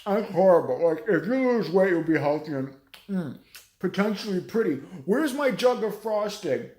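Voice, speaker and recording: A vlogger mocking a whiny, offended young junk-food eater in a loud, smug put-on voice. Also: mid-range voice, sing-song, moderate pace, lightly acted. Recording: roomy echo.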